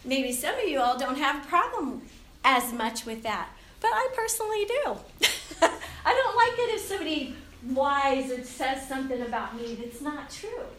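A woman in her fifties giving a casual Christian talk to young people, chatty and animated, often laughing and acting out the voices in her head. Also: sits high, moderate pace, slight background noise. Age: 50s. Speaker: youth speaker. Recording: roomy, distant hall mic with faint ambience.

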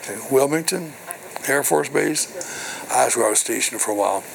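A man's voice: mid-range voice, lively intonation, normal speed, creaky, a little hiss or hum, poor audio. An older man, a minister, preaching a sermon to his congregation, reading scripture and then explaining it with call-and-response asides. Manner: call-and-response preaching with repeated "hello" and "right". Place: church.

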